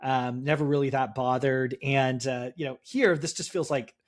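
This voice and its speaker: Mid-pitched male co-host, reflective, frequent ums. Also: fairly even intonation, normal speed. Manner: thoughtful, hesitant with fillers. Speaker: podcast co-host. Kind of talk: casual chat about comics.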